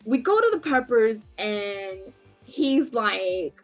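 A woman in her thirties telling a story in casual chat, animated, swearing freely and acting out the dialogue. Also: mid-range voice, unhurried, no room sound, dull audio, soft background music. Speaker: podcast co-host.

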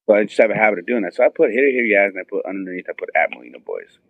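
A middle-aged man excitedly telling a long story and acting out what everyone said, heard over a phone line. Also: fairly low pitch, racing, no echo. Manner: excited, tells it with many quoted voices. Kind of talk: animated storytelling on a phone call. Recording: tinny phone line, dry.

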